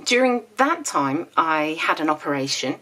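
A woman's voice: deep voice, sing-song, moderate pace, a bit bright. A woman in her thirties chatting casually in a planner vlog, with a slight lisp from dental aligners and a rambling, chatty way of talking. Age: 30s. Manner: chatty and rambling, with small laughs. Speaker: planner vlogger.

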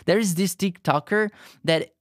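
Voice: medium pitch, a little slow, dry recording, clean studio sound. Chatty streamer with a strong Neapolitan accent. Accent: Neapolitan Italian. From Naples, southern Italy. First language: Italian. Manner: chatty, talks straight to the viewers. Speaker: livestreamer. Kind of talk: casual livestream chat.

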